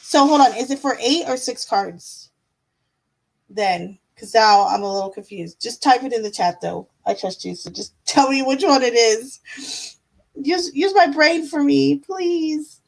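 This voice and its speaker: A woman with a fairly high voice hosts a live tarot stream. Her talk is relaxed and affectionate, full of pet names for her viewers and easy fillers between her thoughts. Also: moderate pace, vocal fry, rough recording. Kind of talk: casual live-stream chat with tarot reading.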